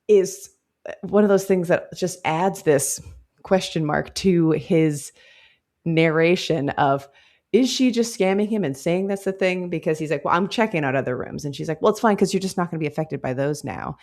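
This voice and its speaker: A woman's voice: lowish voice, normal speed. A woman co-hosting a casual book club chat, playfully acting out characters' lines as she talks. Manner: expressive, quotes characters in playful voices. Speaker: podcast co-host.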